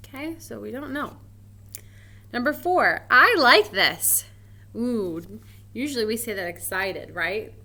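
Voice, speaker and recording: A woman teaches a recorded grammar lesson to first graders, gentle and encouraging as she asks the children questions. She reads example sentences slowly with exaggerated feeling, her voice on the high side, animated, with vocal fry.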